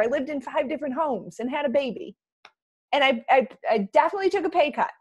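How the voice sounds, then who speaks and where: A young woman leading a casual motivational team call over a computer mic, chatty and excitable with quick asides. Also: high voice.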